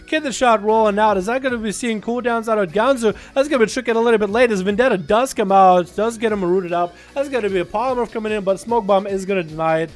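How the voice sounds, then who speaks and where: A male streamer giving rapid, chatty play-by-play commentary on a game livestream, with rambling asides. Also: high voice.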